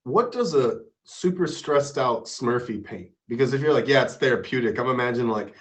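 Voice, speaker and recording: A man's voice: medium pitch, fairly quick. A man hosting a live stream, chatting casually and playfully with his guest and viewers. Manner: animated, playful, shouting out supporters. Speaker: stream host.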